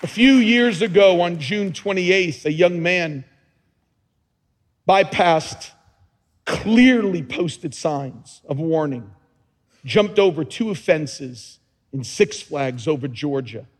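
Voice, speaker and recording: A man preaching a sermon as pastor, his passionate delivery swinging between hushed, quiet moments and shouted peaks. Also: a little high, lively intonation, slow pace, long reverb tail.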